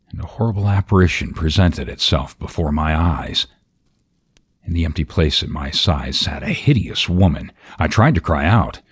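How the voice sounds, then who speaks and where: Very deep, breathy horror narrator. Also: male voice. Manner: slow, hushed, partly whispered. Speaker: storyteller. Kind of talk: hushed horror story narration.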